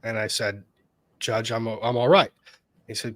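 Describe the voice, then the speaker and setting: A man's voice: mid-range voice, steady tone, moderate pace, pauses often, fairly bright tone. A man, an attorney co-hosting a casual chat, earnestly recalling moments with judges and repeating phrases for emphasis. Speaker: attorney, podcast co-host.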